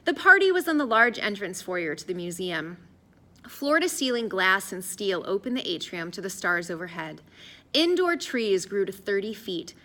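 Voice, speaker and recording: A woman narrating an audiobook in an expressive, lively storytelling voice. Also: medium pitch, normal speed. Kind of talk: scripted narration.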